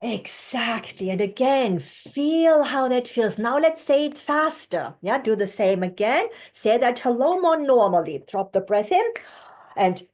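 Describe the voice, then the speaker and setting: A woman coaching a class over a video call, her voice sitting fairly high. She speaks slowly and warmly encourages the group through each breathing exercise. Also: lively intonation. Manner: slow, encouraging, demonstrating breathing and tones. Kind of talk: online masterclass teaching.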